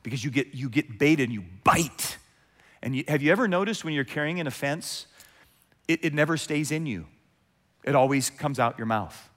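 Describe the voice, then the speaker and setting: Animated preacher in a reverberant hall. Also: male voice, a little high, normal speed. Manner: animated, acts out quoted voices, swings from loud to hushed. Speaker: pastor. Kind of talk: sermon.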